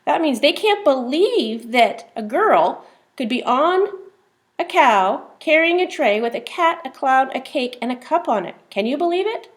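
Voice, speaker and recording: A woman's voice: high voice, animated, a little slow. A woman teacher reading a simple phonics book aloud to young children, sounding out words and asking questions.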